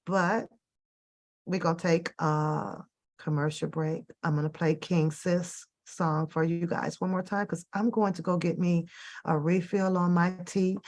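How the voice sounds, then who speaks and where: A woman hosting a casual live stream, ranting about celebrity gossip in an animated, exasperated, profane way. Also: on the low side. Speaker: host.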